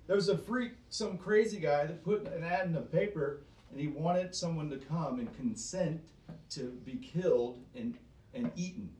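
A man's voice: on the high side, a little mellow. A man preaching to a small group, emphatic and fond of rhetorical questions, often repeating himself. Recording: roomy sound from a distance.

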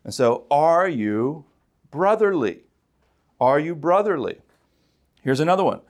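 A man preaching a sermon in a conversational way, asking his listeners rhetorical questions and rising loudly on emphatic points. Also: fairly high pitch, sing-song, measured pace. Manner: conversational, with fillers and restarts. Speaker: pastor.

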